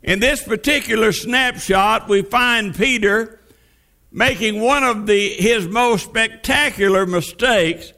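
A man delivers a sermon as vivid storytelling, dropping his voice for dramatic moments. His delivery is slow and deliberate, and his tone is unusually high. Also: creaky, sharp tone. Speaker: preacher.

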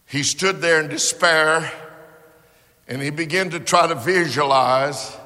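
A man delivers a sermon in a high, sharp voice that cuts through a long, echoing hall. He tells his story at an unhurried pace and climbs into impassioned shouts at its peaks. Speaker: preacher.

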